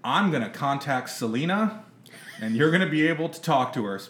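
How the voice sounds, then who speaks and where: A male podcast host with a bright, slightly high voice, chatting playfully with friends. He slips into mock-solemn tones for his setups. The room sounds echoey around him. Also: expressive, fairly quick. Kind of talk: casual chat.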